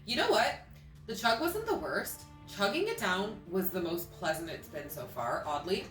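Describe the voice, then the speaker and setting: A woman on a casual beer-tasting panel giving her opinion in a lively, giggly way. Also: mid-range voice, normal speed, reverberant, faint music behind, poor audio. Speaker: co-host, first-time panelist. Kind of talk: casual chat.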